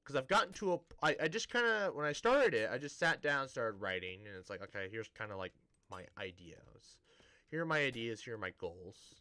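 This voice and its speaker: A man's voice: medium pitch, big pitch swings, fairly quick, pushed and bright. A man streaming a building game, chatting casually to viewers in a rambling, self-interrupting way with a dry, sarcastic-sounding tone.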